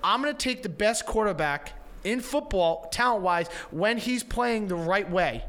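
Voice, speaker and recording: A man with a high voice co-hosting a casual football talk show. He lays out his division rankings point by point, sounding sure of himself. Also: expressive, normal speed, a bit bright. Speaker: sports show co-host. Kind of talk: casual sports debate.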